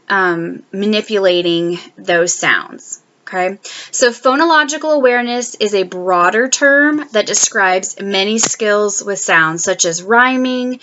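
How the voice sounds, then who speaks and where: A woman teacher explaining a lesson in a clear, deliberate way, sounding out speech sounds and checking in with "okay?". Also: medium pitch, a bit bright, highs cut off. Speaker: teacher presenting a course lesson.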